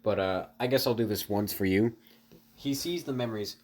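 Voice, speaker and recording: A man's voice: fairly low pitch, brisk, darkish tone. A man casually narrating an improvised story, rambling with fillers and restarts and talking to his viewers. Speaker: online storyteller.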